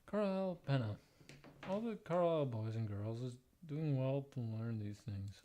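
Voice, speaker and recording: A man livestreaming, reading old letters aloud in a plain, halting way, breaking off for blunt, profane joking asides. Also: medium pitch, lively intonation, dark tone, a little hiss or hum. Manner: plain, halting read-aloud delivery, stumbling and restarting over odd wording.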